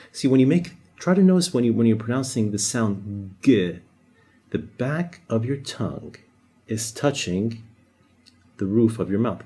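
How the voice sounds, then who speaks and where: A man's voice: fairly low pitch, dark tone, breathy edge. A man teaching a language lesson, explaining patiently, demonstrating sounds and joking lightly. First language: Arabic. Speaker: Arabic teacher. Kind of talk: casual whiteboard lesson.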